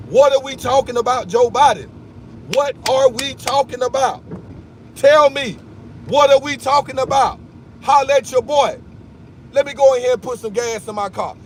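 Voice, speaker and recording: A man live-streaming from his car, talking excitedly and emphatically to his chat in slang. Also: very high-pitched, slight background noise. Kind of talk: casual live-stream rant. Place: in a car at a gas station.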